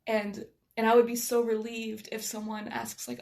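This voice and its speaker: Quick-talking American woman with a gravelly edge. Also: fairly high pitch, completely flat delivery, a little mellow. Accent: American with a slight Scottish lilt. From United States. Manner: quick, rambling, with many restarts and laughs. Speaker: guest. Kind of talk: casual conversation.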